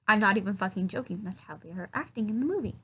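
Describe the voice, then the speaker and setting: Husky and sharp, this woman's mid-range voice is expressive and quick as she recaps a film. Her review is casual, sarcastic, and full of profanity, and she pokes fun at the movie's lines by repeating them in goofy voices.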